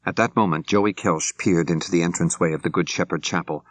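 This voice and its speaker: An older man narrating an audiobook in a measured, clear storytelling manner, close to the microphone. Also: low-pitched, no room sound. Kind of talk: scripted narration. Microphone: close studio mic.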